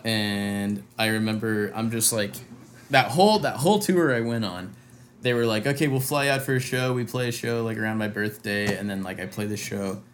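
A young man, a touring musician, telling a story in casual chat, animated and full of slang and swearing, acting out what people said. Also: fairly low pitch, normal speed, a little hiss or hum. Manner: animated, heavy slang and swearing, acts out quotes.

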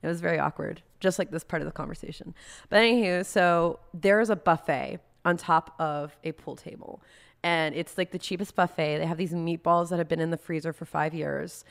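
A young woman with a low, gravelly voice tells rambling, self-mocking stories. She talks casually and animatedly, jumping between asides. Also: fairly even intonation, a little fast. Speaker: guest artist. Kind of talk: casual storytelling.

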